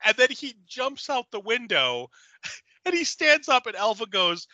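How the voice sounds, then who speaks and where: A man co-hosting a podcast, recapping a movie in casual chat, animated and laughing often. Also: extremely high pitch, normal speed, no echo. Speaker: podcast co-host.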